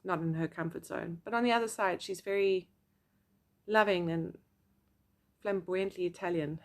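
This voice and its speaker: A young adult woman, a psychic medium telling a personal story to camera in a chatty, expressive way full of fillers. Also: lowish voice, fairly quick.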